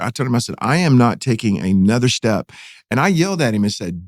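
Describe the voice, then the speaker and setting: A middle-aged pastor with a Texan accent tells a story on a podcast. His delivery is dramatic and his pitch swings widely. The sound is close and dry. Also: quick pace, no room sound. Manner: animated, dramatic retelling with rising excitement. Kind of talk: casual storytelling in a podcast interview.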